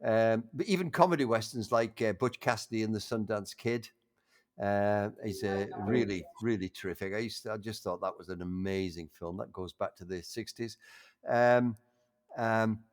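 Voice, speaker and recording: An older man reminiscing in a casual conversation, halting with frequent restarts and warmly enthusiastic. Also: on the low side. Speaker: interview guest.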